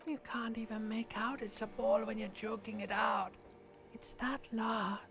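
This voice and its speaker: A creepy gravelly inner voice. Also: female voice, fairly high pitch, level tone, measured pace. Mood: ominous.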